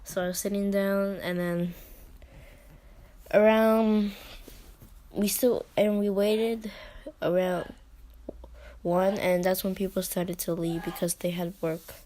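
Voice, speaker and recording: A teenage girl telling a personal story in a vlog, halting and hesitant, with many fillers and restarts and soft whispered asides. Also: medium pitch, steady tone, a little hiss or hum. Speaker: vlogger.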